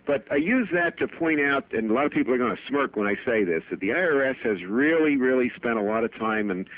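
A man's voice: medium pitch, expressive, brisk. A middle-aged man, an accountant guest on a radio show, telling anecdotes in a chatty way and laughing at his own stories. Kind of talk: radio interview storytelling. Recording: tinny phone-band radio broadcast.

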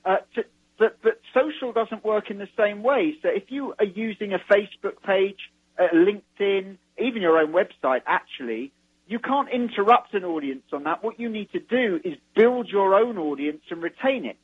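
A man's voice: high voice, animated, breathy edge. A man, a guest author, explaining his views on marketing in an interview, restarting his sentences as he goes. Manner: measured, explanatory, repeats words as he starts. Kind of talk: interview over the phone. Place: London. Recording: tinny phone line.

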